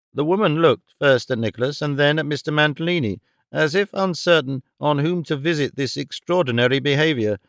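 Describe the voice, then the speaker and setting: Male audiobook narrator, measured classic reading, slightly high voice, crisp and dry. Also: fairly bright tone, no room sound. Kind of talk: scripted narration.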